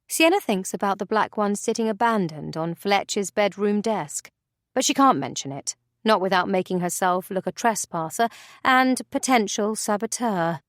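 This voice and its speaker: A woman narrating an audiobook in an expressive, measured way. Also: mid-range voice, no echo, studio quality.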